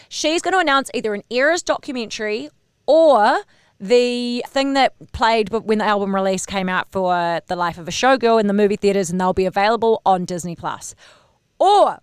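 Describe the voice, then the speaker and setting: Gossipy, animated woman podcaster. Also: on the high side, clean tone, no echo, clean studio sound. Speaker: podcast host. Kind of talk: casual pop-culture podcast chat.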